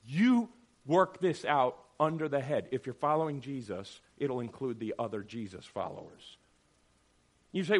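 A middle-aged man leads a Bible class, mixing sarcasm with acted-out voices as he teaches. His voice sits fairly high and swings widely in pitch. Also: very animated, moderate pace. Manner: sarcastic, acts out quoted voices.

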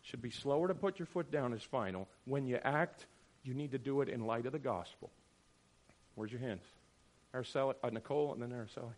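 A man's voice: mid-range voice, a little fast. A middle-aged man teaching a Bible class, sarcastic and acting out the voices he quotes.

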